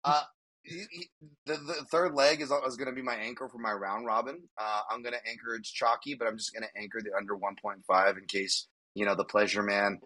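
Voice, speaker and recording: A man's voice: mid-range voice, level tone, fairly quick, bright, forceful tone. A man hosting a podcast, chatting casually and rambling with jokes and frequent laughter. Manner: rambling, jokey, laughs often. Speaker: podcast host. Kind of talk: casual sports betting chat.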